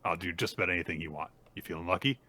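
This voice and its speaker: A man co-hosting a podcast, casually recapping manga chapters and acting out the lines with quick character voices. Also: low-pitched. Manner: animated retelling with put-on character voices. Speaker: podcast co-host.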